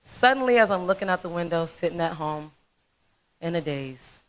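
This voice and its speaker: A woman in her thirties giving a motivational conference talk, telling a folksy, animated story. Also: on the low side, normal speed, rough recording. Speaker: dentist speaker.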